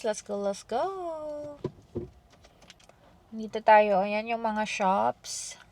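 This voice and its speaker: A young woman from the Philippines with a Filipino accent, a mother vlogging in a sing-song, coaxing way and switching between Tagalog and English. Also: mid-range voice. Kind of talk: family vlog, baby talk and chatty narration.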